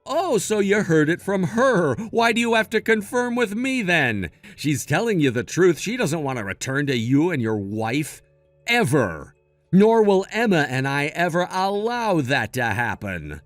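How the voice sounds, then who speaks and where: A man's voice: fairly high pitch, sing-song, measured pace, no echo. A man voicing a level-headed, protective son in a read-aloud text-message story, firm and matter-of-fact. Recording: dry close mic with faint music.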